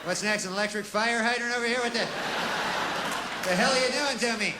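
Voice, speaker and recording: A man's voice: very high voice, moderate pace, a loud crowd, heavy background noise, pitched above the performer's own voice. A man voicing a sarcastic pet dog who grumbles about his gift, in a stand-up comedy bit. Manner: dry sarcastic.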